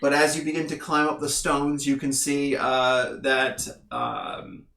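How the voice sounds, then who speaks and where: A man's voice: medium pitch, steady tone, a little slow, vocal fry, bright, forceful tone, recorded from a distance. A man narrating as game master of a tabletop game, rambling with many fillers. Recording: echoey room, faint noise.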